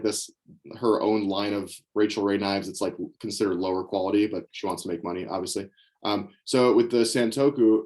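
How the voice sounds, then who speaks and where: Young guy coaching sales reps, pumped up, keeps saying write this down. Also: on the low side. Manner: energetic, coaching, repeats key phrases for note-taking. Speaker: sales trainer. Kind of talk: sales training session. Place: indoors with knives on a table.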